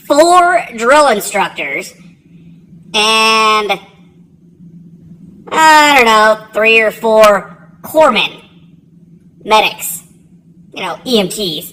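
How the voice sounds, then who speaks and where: Bright-voiced woman telling a rambling story. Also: a little high, low-quality recording. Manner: rambling, swears often, laughs at own story. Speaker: military veteran telling a story. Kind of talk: casual profane storytelling.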